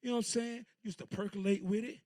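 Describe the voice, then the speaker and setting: A man's voice: high voice, fairly even intonation, quick pace, darkish tone, no room sound, studio quality. A man in his thirties from Virginia doing a stand-up set, telling loose, rambling stories full of crude jokes. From Portsmouth, Virginia. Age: 30s. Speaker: stand-up comedian.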